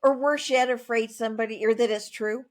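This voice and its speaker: A woman author speaking as a guest in a conversational interview, emphatic and plain-spoken, with animated asides. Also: fairly high pitch, a little fast.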